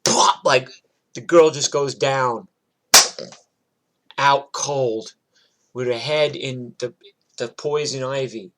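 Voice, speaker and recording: A man tells a story in a loose, chatty monologue. He is animated and digressive, with a mid-pitched voice.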